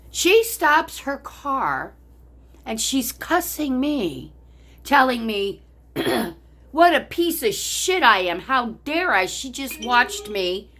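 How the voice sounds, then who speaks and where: A woman's voice: a little high, a bit bright. An older woman vlogger telling a story angrily, in a heated, profane rant. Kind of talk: angry personal storytelling.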